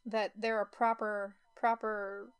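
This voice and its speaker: A woman's voice: medium pitch, level tone, takes it slowly, clean tone. A woman co-hosting a casual podcast chat, reading tweets aloud and laughing often. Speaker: podcast co-host.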